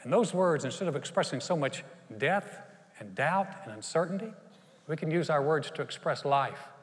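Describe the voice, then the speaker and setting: A male pastor preaching a sermon in an animated way. He acts out quotes and often laughs. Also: fairly high pitch, in a large hall.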